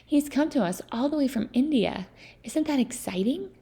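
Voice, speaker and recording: A woman's voice: sits high, lively intonation, normal speed, voice pushed up. A woman voicing a cheerful female schoolteacher welcoming a new student to class. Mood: cheery. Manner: bright, welcoming classroom announcement.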